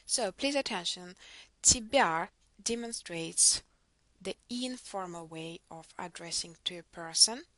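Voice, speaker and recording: Slow, bright-voiced woman language teacher. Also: fairly low pitch, expressive, no echo. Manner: patient, careful, models words for repetition. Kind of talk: slow instructional lesson.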